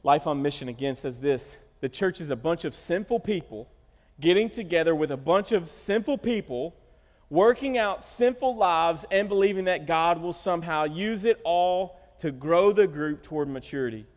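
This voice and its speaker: A man's voice: fairly high pitch, lively intonation, normal speed, darkish tone. A middle-aged man preaching a sermon as pastor, telling stories animatedly and acting out the quotes. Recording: reverberant church hall.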